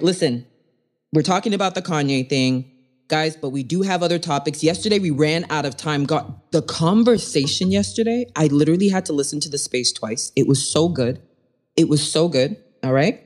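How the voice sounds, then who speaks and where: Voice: medium pitch, normal speed. A host of a live audio chat show, joking in casual slang, laughing often and teasing the guests. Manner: playfully teasing.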